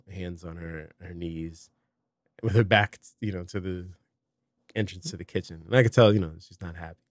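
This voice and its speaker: A man's voice: low-pitched, dry recording, clean studio sound. A middle-aged man hosting a podcast, telling a family story in casual conversation and acting out the dialogue. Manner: animated storytelling, acts out dialogue. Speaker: podcast host.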